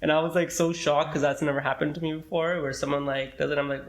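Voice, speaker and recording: A young man in his twenties, a medical student co-hosting a podcast, telling a story in casual chat, rambling and profane, often clearing his throat. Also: fairly high pitch, flat delivery, quick pace. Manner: rambling, profane, acts out quoted dialogue, frequent throat clearing.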